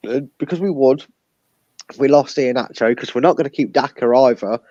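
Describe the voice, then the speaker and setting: A man's voice: mid-range voice, brisk, mellow, dry recording. A man joining by video call as a guest pundit in casual football chat. He rambles and often restarts his sentences. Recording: muffled dry call audio.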